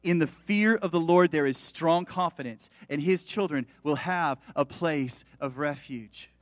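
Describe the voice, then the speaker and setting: Male pastor, high-pitched, dry close recording; emphatic sermon delivery. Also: measured pace, dry recording. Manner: emphatic preaching, rising and falling in volume.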